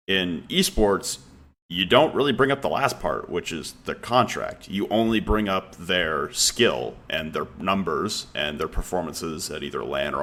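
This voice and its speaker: A man co-hosting a podcast, arguing his opinions hard and swearing often. His voice is very low but bright and forceful. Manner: opinionated, profane, argumentative. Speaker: podcast co-host. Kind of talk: casual podcast discussion.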